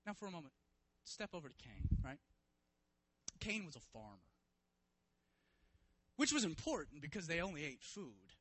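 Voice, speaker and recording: A man preaching a sermon, retelling a story vividly and swinging from hushed to loud, emphatic passages. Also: fairly high pitch, very animated, moderate pace, pauses often, slightly rough, no room sound, poor audio. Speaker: pastor.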